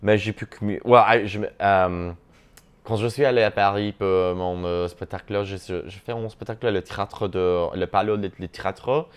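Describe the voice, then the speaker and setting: Comedian-host type, male, low-pitched, chatty, cheeky, cursing freely. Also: fairly even intonation, brisk, clean tone. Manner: playful, chatty, swears freely; switches languages mid-thought. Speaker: comedian reacting to a video. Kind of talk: casual reaction commentary.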